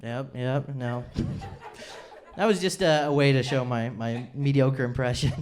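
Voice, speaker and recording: A man's voice: medium pitch, a little slow. A man in his twenties doing a rambling, self-deprecating stand-up routine on a comedy club stage. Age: 20s.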